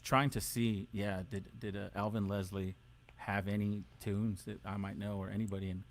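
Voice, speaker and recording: Laid-back, joking man with a lowish voice. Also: level tone, moderate pace, vocal fry, slight background noise. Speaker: podcast co-host. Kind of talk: casual chat.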